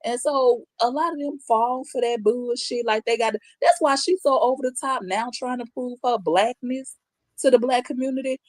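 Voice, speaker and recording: A woman's voice: on the high side, normal speed, no echo. A young woman co-host speaking frankly and chattily in a casual commentary conversation. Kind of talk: casual chat.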